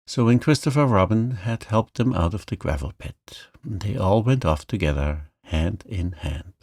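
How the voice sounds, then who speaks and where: A man narrating a bedtime story in a slow, soothing, gentle manner. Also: on the low side, no room sound, studio quality. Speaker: audiobook narrator. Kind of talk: calm bedtime story reading.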